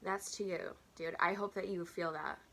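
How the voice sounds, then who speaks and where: A woman in her twenties telling a storytime vlog, chatty and animated, acting out customers and her own waitress voice. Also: on the low side, normal speed. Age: 20s. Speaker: vlogger.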